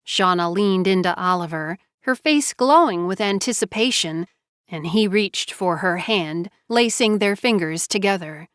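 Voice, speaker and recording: A woman narrating a novel with even, unhurried storytelling. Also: mid-range voice, smooth, no room sound, studio quality. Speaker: audiobook narrator. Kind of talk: scripted narration.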